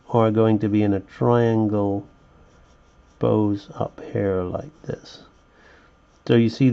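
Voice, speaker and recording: Slow, gravelly man teaching drawing. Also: mid-range voice, mellow, lo-fi sound. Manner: rambling, chatty, talks to himself while sketching. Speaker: animation teacher. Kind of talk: live drawing lesson, thinking aloud. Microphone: webcam.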